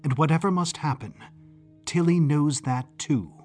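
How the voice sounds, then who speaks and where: A composed nurse murmuring calm reassurances in a soft, even voice, as a male narrator voices her. She speaks slowly, unhurried, over faint background music in a dark audio story. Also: on the high side, lightly acted. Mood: reassuring.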